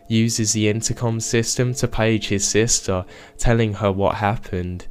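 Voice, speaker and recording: Man, lowish voice, steady horror narration, measured reading. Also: faint music behind. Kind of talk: scripted narration.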